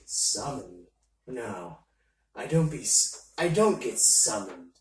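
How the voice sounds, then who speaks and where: A game master voicing a mysterious male wish-granting spirit of smoke, speaking low, slow and cryptic, recorded in a roomy space from a distant mic with faint noise. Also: sing-song.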